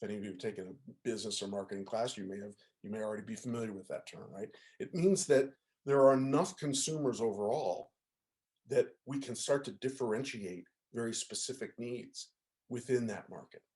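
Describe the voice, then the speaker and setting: A man's voice: fairly low pitch, brisk, darkish tone. Conversational man lecturing. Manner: conversational, asks the audience to confirm with frequent "right?" and "okay?". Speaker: music professor giving an online talk. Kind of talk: informal lecture over video call. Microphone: video call.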